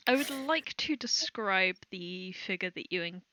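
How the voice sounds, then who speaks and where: A woman's voice: mid-range voice, expressive, a little slow, bright, forceful tone, no echo. A woman running a tabletop game as game master, narrating with giggly energy.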